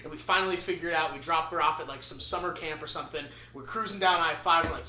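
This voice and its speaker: Young man telling a story, bright. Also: on the high side, quick pace, hardly any pauses. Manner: animated, swearing, acts out voices. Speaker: podcast host. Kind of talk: casual storytelling. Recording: echoey room with faint noise.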